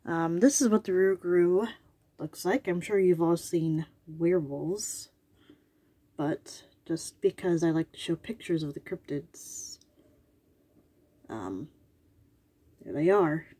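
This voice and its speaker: A woman's voice: fairly low pitch, takes it slowly, long pauses, mellow, breathy edge, no echo. A woman with an allergy-worn voice, chatting casually at her home desk as a video host, rambling with asides and ums. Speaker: YouTube host. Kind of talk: casual chat about cryptids.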